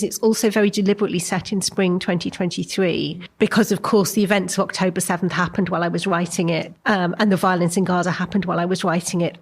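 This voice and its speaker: An English woman in her forties, a novelist answering interview questions thoughtfully and often asking questions back. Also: on the low side. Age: 40s. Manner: thoughtful, poses strings of questions.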